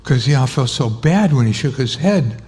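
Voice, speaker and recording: Older male guest, mid-range pitch, animated storyteller who voices every line of dialogue. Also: normal speed. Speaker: interview guest. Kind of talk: storytelling anecdote.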